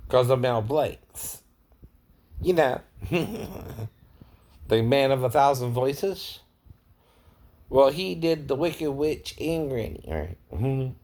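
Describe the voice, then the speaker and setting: A male impersonator rambles casually to his viewers, slow and unhurried, and his pitch rises and falls a lot. He keeps tagging his points with "right?" and laughs between them. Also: lively intonation, a little mellow. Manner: keeps asking "right?", chuckles often. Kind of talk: casual vlog monologue.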